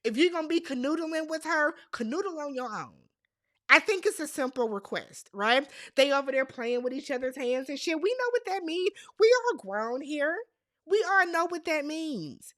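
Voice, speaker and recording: A high-pitched woman recaps a reality show in a sassy, animated voice and leans on emphatic repetition. Her voice sounds dry and close, with no room echo. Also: moderate pace. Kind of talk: casual recap commentary.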